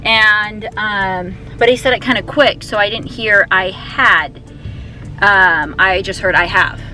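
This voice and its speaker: Young female vlogger, casual and excitable, talking straight to a handheld camera over music. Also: mid-range voice, slow, rough recording. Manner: chatty, excitable, many fillers and restarts. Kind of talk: casual vlog chat. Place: car, then store and home.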